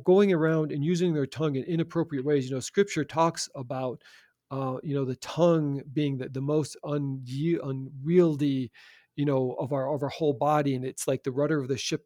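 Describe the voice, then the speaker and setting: A man's voice: a little high, dark tone, no room sound, clean studio sound. A man speaking earnestly about community and faith, often repeating words as he restarts. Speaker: guest. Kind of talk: conversational faith talk.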